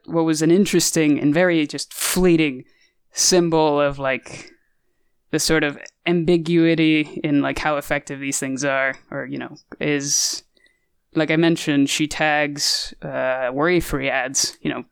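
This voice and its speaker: A man's voice: a little high, steady tone, unhurried, creaky, clear, resonant tone, no echo, studio quality. A man casually discussing a movie on a podcast, rambling and hesitant with many fillers. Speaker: podcast co-host.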